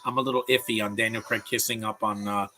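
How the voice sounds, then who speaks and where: Male film commentator, live talk-over, bright and punchy tone, opinionated rambler. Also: fairly low pitch, level tone, fast. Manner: opinionated, rambling rant with restarts.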